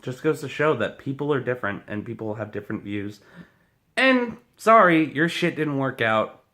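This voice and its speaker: A man vents straight into the camera in an angry, swearing rant, pushing hard against his critics. His voice is bright and forceful, with a tense edge that never relaxes. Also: mid-range voice, animated, normal speed. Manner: profane, heated, combative. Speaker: vlogger.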